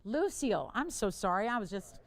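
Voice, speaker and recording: A woman hosting a live TV jewelry shopping show, pitching an auction in a chatty, playful way, laughing often and urging bidders on. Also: sing-song, fairly quick. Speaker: TV shopping host. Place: TV studio.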